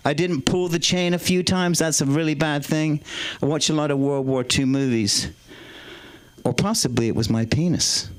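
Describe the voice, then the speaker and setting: A man's voice: high voice, clean tone. A man performing a brash, bawdy stand-up set on a comedy club stage, mocking himself.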